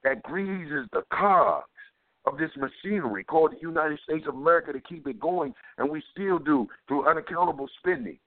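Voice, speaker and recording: A man with a slightly high, animated voice delivers fervent talk-radio commentary at a moderate pace, repeating himself with the cadence of a preacher. The sound is tinny, like a phone line, with no echo.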